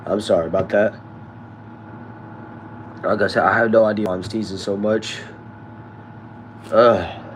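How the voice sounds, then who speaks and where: During a casual live chat, a man reads out his viewers' comments and responds in slangy, laid-back fashion, calling them y'all and bro. His voice is lowish with little pitch movement, and he speaks at a moderate pace, pausing often, with slight background noise.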